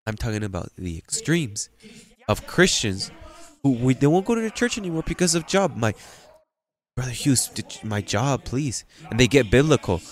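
A man preaching a sermon, plain-spoken and animated, often repeating and restarting his phrases. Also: mid-range voice, normal speed.

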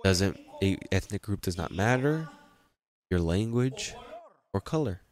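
Low-voiced pastor preaching emphatically. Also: male voice, expressive, a little mellow. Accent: non-native English. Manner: emphatic, drawn-out preaching with rising bursts. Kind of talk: sermon.

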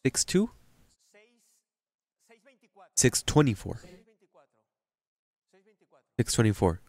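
A man preaching a sermon, plain-spoken and animated, often repeating and restarting his phrases. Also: mid-range voice, extremely slow.

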